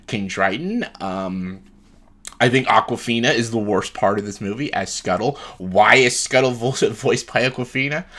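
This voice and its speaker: A man's voice: lowish voice, pushed and bright. A man giving a casual, blunt movie review, sarcastic and laughing often, with plenty of ums and uhs. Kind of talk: casual film review rant.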